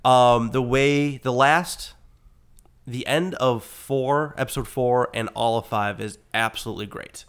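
A man chatting casually as a podcast co-host, his voice rough from being sick, rambling with lots of fillers and easy swearing. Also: medium pitch, unhurried, a bit bright. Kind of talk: casual chat.

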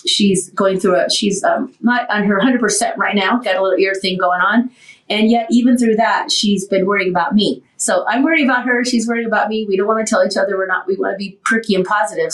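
A woman's voice: mid-range voice, recorded from a distance. A woman hosting a talk show, telling her recovery story candidly and animatedly, tired after surgery. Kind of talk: casual talk show chat. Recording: roomy, off-mic sound.

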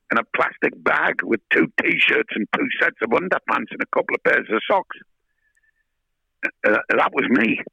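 An older man, telling a lively anecdote as an interview guest, swearing freely and acting out the voices in his story. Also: medium pitch, dry recording, rough recording. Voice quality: gravelly, husky. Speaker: guest, rock singer.

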